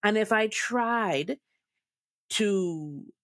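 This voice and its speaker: A woman's voice: medium pitch, fairly bright tone, dry recording, clean studio sound. Thoughtful woman hosting a podcast. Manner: thoughtful, measured reflection. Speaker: podcast host. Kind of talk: reflective podcast conversation.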